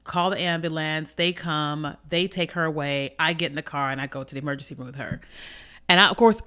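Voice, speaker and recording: A woman's voice: low voice, fairly quick, fairly bright tone, clear, resonant tone. A woman hosting a faith podcast, telling a personal story in an emotional, conversational way and repeating her phrases. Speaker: podcast host.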